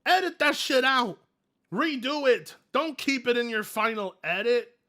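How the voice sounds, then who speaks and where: A man streaming live, reacting to videos with loud, mocking commentary, yelling and laughing at what he watches. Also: extremely high pitch, expressive, a little slow.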